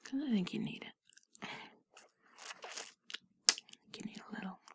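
A young adult woman in a whispered role-play, speaking in an intimate, teasing whisper close to the microphone, with soft hums and giggles. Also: takes it slowly, no echo.

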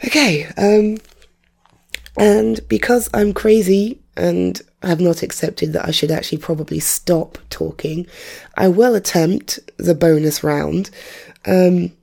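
A woman from North London, whose English accent has drifted from how she grew up, chats in a rambling, self-deprecating monologue on a home recording setup. Her fairly low, warm voice moves slowly and sounds rough and off-colour today.

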